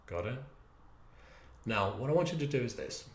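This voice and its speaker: Through an echoey room, a man of medium pitch talks listeners step by step through managing stress. His delivery is animated and gently persuasive, with long, drawn-out words.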